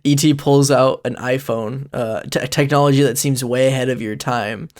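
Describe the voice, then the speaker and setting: A man's voice: mid-range voice, steady tone, moderate pace, a little mellow. A man narrating as game master of a comedic tabletop game, rambling and playful.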